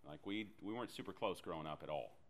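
A man preaching a sermon, telling a personal story with animated delivery and self-deprecating humor. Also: low-pitched, fast talker. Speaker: pastor.

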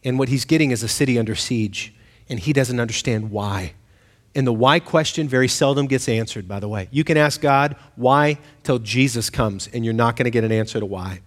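Pastor with a reverberant hall sound. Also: male voice, medium pitch, fairly quick. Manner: conversational, asks the congregation questions, acts out quoted voices. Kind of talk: sermon.

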